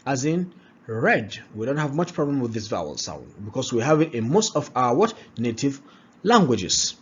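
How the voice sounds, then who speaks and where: In a dull, lo-fi recording, a husky-voiced man teaches pronunciation slowly, repeating each example word several times. He's very animated, his pitch swinging up and down as he drills, and he checks in with "all right?"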